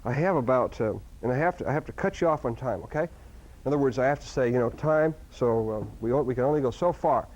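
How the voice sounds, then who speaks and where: A man giving a live seminar talk to an audience, animated, with sudden loud outbursts and frequent restarts. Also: mid-range voice, fast talker. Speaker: seminar speaker. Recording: dull lo-fi recording.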